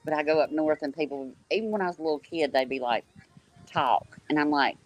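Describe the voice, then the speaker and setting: A woman's voice: low voice, fast, rough recording. A woman in her fifties from Tennessee with a Southern accent, chatting folksily on an online panel and calling everyone girl and honey. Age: 50s. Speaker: panel guest. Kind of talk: casual online panel chat.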